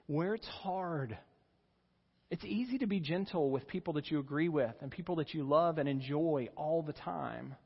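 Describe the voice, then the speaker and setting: A man preaching a sermon as pastor, earnest and rising in pitch and volume when he stresses a point. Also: moderate pace, creaky, husky, in a large hall, lo-fi sound. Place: church sanctuary.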